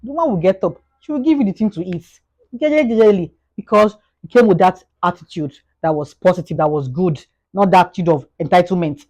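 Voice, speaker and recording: A woman with a Nigerian accent giving a motivational talk as a vlogger, talking fast, animated, and often repeating and restarting words. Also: on the low side, low-quality recording.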